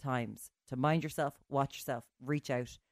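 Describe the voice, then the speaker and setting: A woman, a radio co-host chatting casually, lively, teasing and self-mocking. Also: very deep voice, unhurried, dry recording, studio quality. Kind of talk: casual chat.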